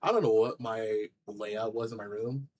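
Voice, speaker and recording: A man's voice: lowish voice, steady tone, moderate pace, darkish tone, slight background noise, poor audio. A man hosting a reaction commentary channel, talking bluntly and indignantly with lots of fillers.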